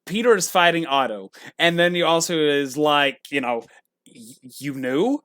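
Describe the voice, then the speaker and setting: A young man co-hosting a casual game review podcast, excitable and prone to acting out lines in loud bursts. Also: a little high, normal speed, clean tone. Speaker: podcast co-host.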